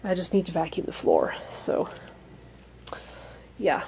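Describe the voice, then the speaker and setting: A woman's voice: fairly low pitch, huge pitch swings, a little slow, a little hiss or hum. Rambling chatty young woman vlogging. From American Midwest or South region. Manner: rambling, many fillers like "like" and "um"; frank and chatty, laughs softly between thoughts. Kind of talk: casual chat to camera. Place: her bedroom in a basement.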